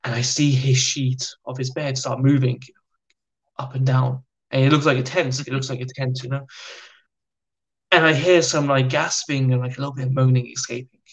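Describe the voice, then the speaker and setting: A young British man in casual conversation as a podcast guest, telling anecdotes in an animated way and acting out the people in them. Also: medium pitch, normal speed, lo-fi sound. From United Kingdom. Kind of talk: casual storytelling.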